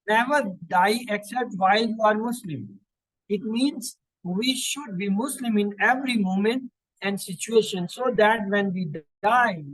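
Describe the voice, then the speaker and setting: A man teaching Quranic Arabic grammar in a slow, deliberate way, repeating terms and pausing now and then to find words. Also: sits high, a bit bright, no echo, poor audio. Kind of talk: recorded Quran grammar lesson.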